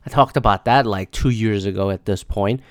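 A man's voice: fairly low pitch, normal speed, clear, resonant tone, no echo, clean studio sound. A man in his thirties hosting a solo podcast, ranting casually with lots of swearing and rambling asides. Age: 30s. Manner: profane, rambling, animated. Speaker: podcast host.

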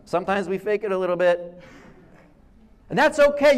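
A middle-aged male pastor with a high-pitched voice preaches to his congregation. He talks in a loose, conversational way, telling stories and voicing people's thoughts as he goes. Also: normal speed, smooth. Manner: conversational, animated storytelling with acted quotes. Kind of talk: sermon.

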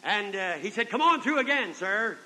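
A man's voice: high voice, big pitch swings, moderate pace, pushed and bright. An older man preaching a revival sermon, telling a folksy story and calling out amen and brethren, in a 1970s convention hall recording.

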